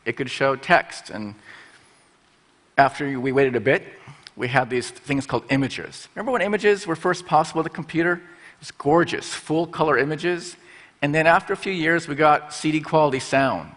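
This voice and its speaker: A man's voice: on the high side, moderate pace, a bit bright. A middle-aged man giving a conference talk from a stage, playful, slipping into little put-on voices as he explains. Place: conference stage in a large hall. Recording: large hall with long reverb.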